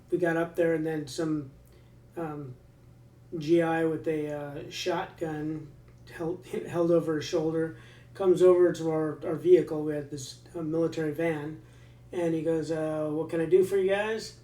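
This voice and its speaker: A man's voice: on the high side, echoey room, recorded from a distance. Army veteran man telling a story. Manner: relaxed, many fillers and restarts. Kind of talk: casual storytelling.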